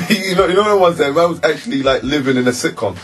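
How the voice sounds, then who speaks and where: A young man with a London accent telling a story in a relaxed, slangy way. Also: fairly high pitch, fast, soft background music. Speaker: interviewee. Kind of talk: casual storytelling.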